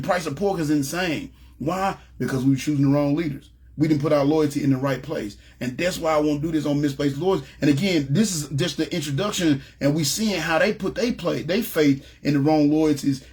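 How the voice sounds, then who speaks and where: Slightly high and a little mellow with a breathy edge, this man's voice carries a casual Bible lesson for a ministry group. He chats with them and keeps checking in, often asking "you know what I'm saying".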